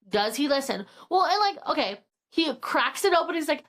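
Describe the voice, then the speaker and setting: A woman's voice: high-pitched, sing-song, a little fast. A young woman co-hosting a podcast, casually retelling a book's plot, acting out the characters' lines and swearing freely. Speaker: podcast co-host. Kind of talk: casual book recap chat.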